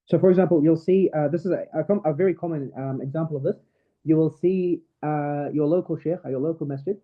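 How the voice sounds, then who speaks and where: A man's voice: fairly high pitch, fast. Tinny-sounding man teaching recitation. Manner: patient, explains step by step, recites verses in Arabic. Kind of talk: online tajweed class. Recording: tinny phone-like call audio.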